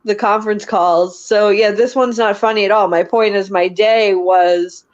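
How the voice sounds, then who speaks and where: A woman's voice: medium pitch, fairly even intonation, normal speed. A woman chatting casually on a stream, telling rambling anecdotes with frequent laughter and fillers. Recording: slightly dull lo-fi sound.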